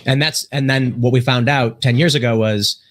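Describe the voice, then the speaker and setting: A man hosting a talk show. He reads out viewer messages and tells stories in an animated way, acting out the lines of the people in them. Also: medium pitch, moderate pace. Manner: animated storyteller who acts out quoted lines. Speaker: host reading super chats. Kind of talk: podcast conversation.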